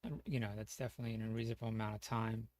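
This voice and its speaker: A man's voice: on the low side, flat delivery, very fast, darkish tone, no echo. A man talking casually as a streamer, rambling with lots of fillers, restarts and casual swearing.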